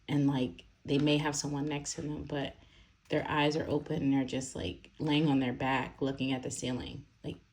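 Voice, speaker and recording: A woman with a low, deep voice gives a casual tarot reading. She rambles and talks loosely, full of fillers and little laughs. She sounds young. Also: a little mellow. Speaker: tarot reader.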